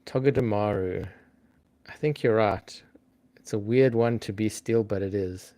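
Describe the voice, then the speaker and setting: This male live-stream trivia host talks slowly in a low, warm voice during casual stream chat. He's chatty and thinks out loud, reading off names and greeting viewers.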